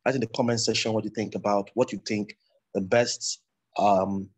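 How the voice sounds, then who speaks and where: Husky Nigerian man teaching public speaking. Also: fairly low pitch, fairly even intonation, normal speed, rough recording. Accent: Nigerian English. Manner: loose, digressive explaining with restarts. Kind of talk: recorded lecture.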